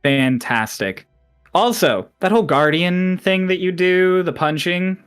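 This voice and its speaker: A man's voice: high-pitched, lively intonation, unhurried, clear, resonant tone, soft background music, voice pushed up. A man voicing a confident woman ship captain who gives clipped, commanding replies. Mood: brisk.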